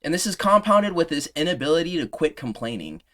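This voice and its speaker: A man in his twenties ranting heatedly in a commentary video, combative and heavy on profanity, his voice sinking low on trailing asides. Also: big pitch swings, fairly quick, fairly bright tone. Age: 20s. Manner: drops pitch on trailing "bro". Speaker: MMA commentary creator.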